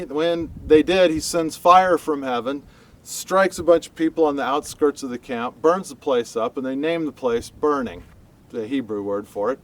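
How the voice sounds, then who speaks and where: A man teaching a Bible lesson outdoors in a lively, conversational storytelling manner, talking straight to his listeners. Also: mid-range voice, recorded from a distance, a little hiss or hum, low-quality recording. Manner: animated, storytelling, addresses listeners directly.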